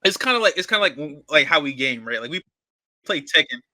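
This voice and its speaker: A man's voice: fairly high pitch, animated, fast talker, sharp tone, dry recording. A man co-hosting a casual chat, rambling with many fillers and swear words, sounding amazed. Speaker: co-host reacting to a song.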